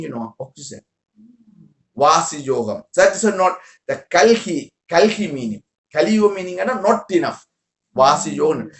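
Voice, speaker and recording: Man, high-pitched, spiritual teacher, broken rambling English, echoey room. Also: a bit bright. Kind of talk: spiritual talk to a group.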